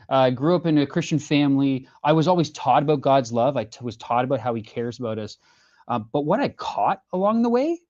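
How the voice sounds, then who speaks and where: A man's voice: a little high, a little mellow, highs cut off. A man, a singer-songwriter guest in a casual interview, telling his story earnestly with lots of fillers and restarts.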